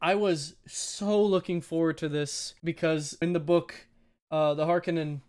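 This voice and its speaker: A man's voice: fairly high pitch, steady tone, measured pace, a little mellow. A man co-hosting a film review podcast, chatting casually, laughing often and wandering into asides. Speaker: podcast co-host.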